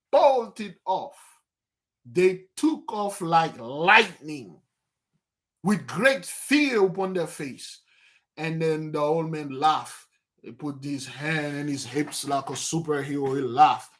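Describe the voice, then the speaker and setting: Halting, higher-voiced man teaching a study. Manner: halting, with many restarts and asides; lively storytelling, acting out scenes. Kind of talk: informal book study talk.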